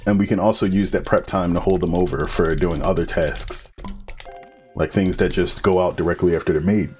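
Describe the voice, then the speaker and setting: A man's voice: deep voice, moderate pace, faint music behind. A man streaming a cooking game live, listing ingredients as he goes and chatting with his co-host. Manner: calls out ingredients in a steady list, joking with co-host. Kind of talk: live gameplay commentary.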